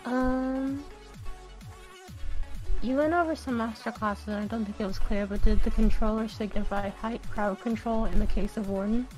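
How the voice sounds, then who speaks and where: A woman's voice: a little high, fairly even intonation, normal speed, darkish tone, soft background music. Playful, giggly woman streamer. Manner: playful, giggly, drops into other languages. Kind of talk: casual chat.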